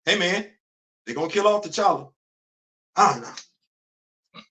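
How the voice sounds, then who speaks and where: Animated high-voiced man ranting. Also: slow pace. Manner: animated, repetitive, laughing often, heavy slang. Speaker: host. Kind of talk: casual livestream commentary.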